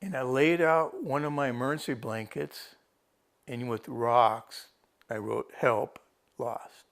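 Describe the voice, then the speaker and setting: Gravelly-voiced man recounting an ordeal. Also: medium pitch, takes it slowly, fairly bright tone. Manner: rambling storyteller, restarts and quotes his own thoughts. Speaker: rescued hiker interviewed by a TV reporter. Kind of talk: casual first-person account.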